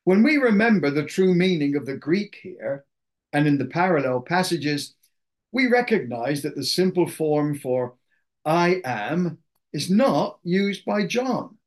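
A man preaching a sermon, reading scripture aloud and explaining it with slow, deliberate emphasis. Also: fairly high pitch, big pitch swings.

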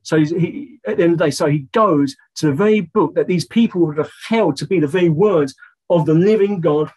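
Husky high-voiced male Bible teacher. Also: darkish tone, poor audio. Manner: conversational, many "you know" fillers, slows down to read scripture aloud.

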